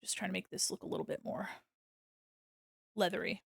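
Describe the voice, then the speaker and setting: Young woman chatting on her art stream, swears a lot, laughs, dry close mic, medium pitch. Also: level tone, brisk, vocal fry, husky, dry recording. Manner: rambling, swears freely, laughs often. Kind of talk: casual live-stream chat while drawing.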